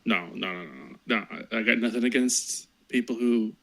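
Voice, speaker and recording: A man co-hosting a gaming podcast in casual chat, speaking in a quick, earnest way with stumbling restarts. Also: medium pitch, creaky, a bit bright. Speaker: podcast co-host.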